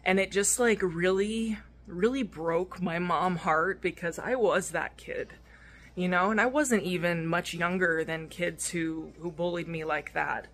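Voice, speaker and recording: A woman's voice: fairly low pitch, measured pace, a bit bright. A young woman and mother telling a story in a casual vlog, candid and emotional, rambling with fillers and restarts. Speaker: vlogger and mother.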